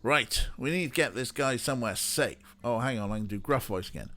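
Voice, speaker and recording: A man's voice: medium pitch, animated, brisk, hardly any pauses, sharp tone, soft background music. A man streaming a game, musing aloud as he plays and reads. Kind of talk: gameplay commentary.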